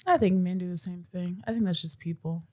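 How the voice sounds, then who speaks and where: A woman's voice: lowish voice, brisk, mellow. A woman co-hosting a podcast at home in casual chat, agreeable, often answering with short replies and laughs. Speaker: podcast co-host.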